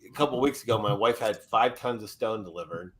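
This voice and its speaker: A man's voice: on the low side, fairly quick. A man in his forties telling profane, laughing stories in a casual podcast chat. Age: 40s.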